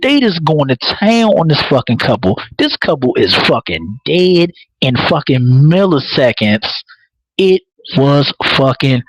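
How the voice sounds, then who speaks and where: A man hosting a live podcast, recapping a TV episode in casual, profane, excitable talk and laughing often. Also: mid-range voice, unhurried, no echo, rough recording. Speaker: podcast host.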